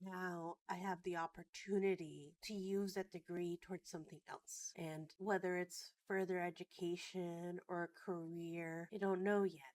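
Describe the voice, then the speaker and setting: Earnest woman with a low voice, dry close sound. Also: flat delivery, normal speed, hardly any pauses, darkish tone, no echo. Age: 30s. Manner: emotional, earnest, at times choked up. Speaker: vlogger. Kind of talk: reflective personal vlog.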